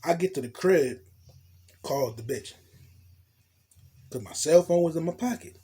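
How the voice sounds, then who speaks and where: Raspy, slightly high-voiced man; blunt, profane, animated street storyteller. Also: normal speed. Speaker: storytelling vlogger. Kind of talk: casual storytime monologue.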